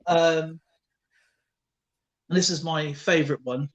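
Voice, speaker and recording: A man with a fairly high voice chats casually on a live stream. He rambles and hesitates, filling gaps with ums and uhs. He is heard over a video call from home. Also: steady tone, slow pace, dull audio. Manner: rambling, hesitant with many fillers. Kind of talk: casual chat.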